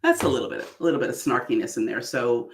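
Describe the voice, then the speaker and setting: Woman speaking coach, lively up-and-down delivery, laughs often, roomy echo. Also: very deep voice, fast talker, a little hiss or hum. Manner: animated, exaggerated delivery with frequent laughs. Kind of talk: online workshop talk.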